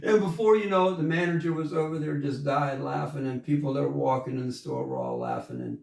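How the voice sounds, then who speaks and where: A man's voice: medium pitch, expressive, fairly quick, gravelly. A man from coastal Georgia, telling an easygoing, folksy story. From coastal Georgia, USA. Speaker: singer and storyteller. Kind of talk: spoken story then country song. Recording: roomy sound from a distance, with guitar. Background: guitar music.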